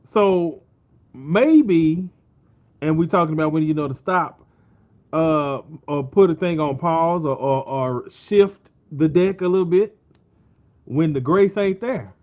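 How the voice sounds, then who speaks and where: A man hosts a podcast in relaxed, informal talk and affirms what his guest says. His voice sits a little high for a man. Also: slow, muffled recording. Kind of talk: casual chat.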